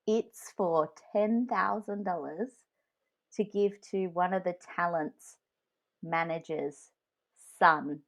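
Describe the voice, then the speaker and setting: A woman co-hosting a podcast speaks with a lowish, creaky, fairly bright voice. In casual chat, she candidly tells frank stories from her own working life.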